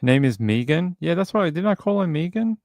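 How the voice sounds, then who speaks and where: Guy streaming true crime stuff, gravelly low-ish voice, dry close mic, rambles and answers chat. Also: very animated, fairly quick, darkish tone, no room sound. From outside the US. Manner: rambling, many fillers and restarts. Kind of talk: casual livestream commentary, reading chat.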